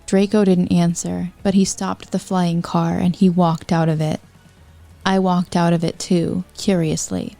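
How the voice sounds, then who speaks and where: Slow, mellow woman reading fanfiction aloud. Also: lowish voice, flat delivery, gravelly, soft background music. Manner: wry, unhurried, breaks off with apologetic asides.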